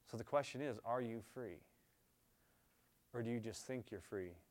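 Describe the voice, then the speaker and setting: A man preaching a sermon at a church service, earnest, with loud emphatic passages and quieter pleading ones. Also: mid-range voice, normal speed. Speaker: pastor.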